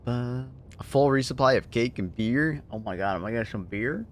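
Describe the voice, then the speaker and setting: A man chatting casually on a livestream, laughing often and thanking viewers excitedly. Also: medium pitch, fairly quick, a little hiss or hum. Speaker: streamer.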